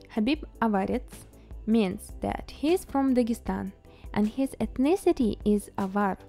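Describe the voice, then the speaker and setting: A woman with a Russian accent talks through a language lesson at a slow, easy pace. Her voice is a little high and mellow. Soft music plays quietly behind her. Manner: chatty, playful, asks herself questions. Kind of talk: casual educational talk to camera.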